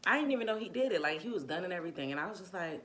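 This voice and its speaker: A young woman telling a casual storytime about giving birth, animated and slangy, acting out what people said. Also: on the low side, racing. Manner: animated, slangy, acts out quotes, laughs often.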